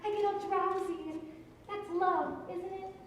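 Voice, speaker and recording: An actress playing a tipsy, vain chaperone with a languid, drowsy drawl in a stage musical. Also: female voice, extremely high pitch, steady tone, a little slow, slight background noise. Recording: echoey theatre stage, mics far off.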